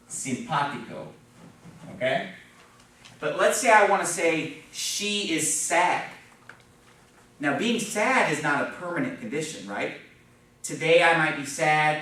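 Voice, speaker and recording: A man's voice: a little high, sharp tone. Man teaching in a very echoey classroom. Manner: patient, checks in with frequent "okay?" and "right?". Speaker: Spanish teacher. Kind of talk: classroom lesson at a whiteboard. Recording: very echoey room, voice from far off.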